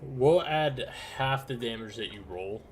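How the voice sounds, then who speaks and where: A man's voice: mid-range voice, lively intonation, measured pace. Man narrating as game master. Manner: casual, vivid describing.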